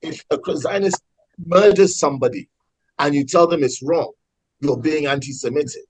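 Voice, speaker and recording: A man talking passionately in a casual political discussion, with many halting restarts. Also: fairly high pitch, no room sound, low-quality recording. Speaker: podcast co-host.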